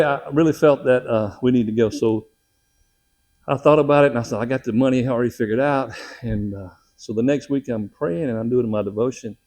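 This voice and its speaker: A man's voice: mid-range voice, warm tone. A middle-aged man, a missionary, telling a personal testimony in a folksy, emotional way with frequent laughs.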